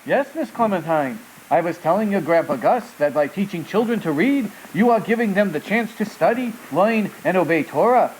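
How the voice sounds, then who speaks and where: A man's voice: high-pitched, animated, normal speed, few pauses, slight background noise, poor audio. A man voicing a kindly male rabbi puppet who teaches children patiently, in a children's puppet show.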